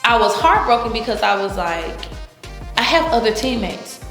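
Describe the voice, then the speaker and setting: Brief: lively woman guest, storytelling, roomy echo, faint music behind. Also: a little high, normal speed. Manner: animated, acts out quotes, laughs often. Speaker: interview guest. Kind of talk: casual storytelling.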